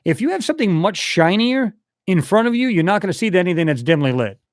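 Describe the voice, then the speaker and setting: A man's voice: sits high, sing-song, quick pace, no room sound. Man, live-stream host, rambling casual chat, dry close sound. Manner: rambling, chatty, reads viewer comments aloud.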